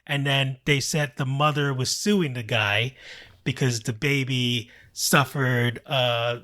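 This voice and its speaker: A man co-hosting a casual podcast chat, telling a story in a relaxed, loose way. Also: medium pitch, slow pace. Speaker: podcast co-host.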